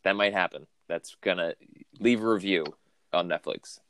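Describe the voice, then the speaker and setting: Deep-voiced man, dry deadpan podcast chat. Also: normal speed. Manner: dry, deadpan complaining with playful put-on bits. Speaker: podcast co-host. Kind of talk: casual chat. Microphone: remote call.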